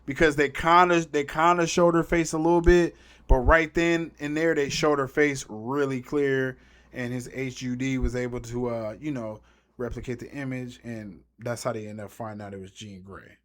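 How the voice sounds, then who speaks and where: A man's voice: mid-range voice, steady tone, moderate pace, a bit bright. A man giving a casual, rambling movie recap as a YouTuber, slangy and trailing off mid-thought.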